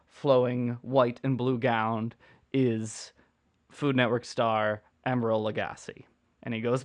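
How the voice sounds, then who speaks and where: Rambling, playful man chatting casually. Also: mid-range voice. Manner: rambling and playful, often restarting sentences. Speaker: channel host answering viewer questions. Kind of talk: casual unedited livestream chat.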